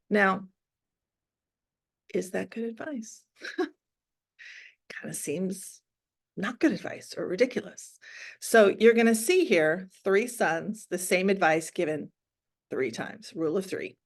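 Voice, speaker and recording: A woman's voice: mid-range voice, takes it slowly, pauses often, breathy edge. Woman teacher reading a story aloud. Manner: expressive reading, casual asides.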